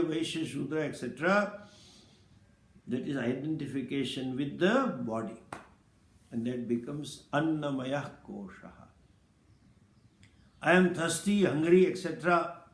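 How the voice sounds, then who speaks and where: A man giving a scripture lecture as a spiritual teacher, speaking slowly and deliberately and explaining Sanskrit terms. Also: a little high, echoey room.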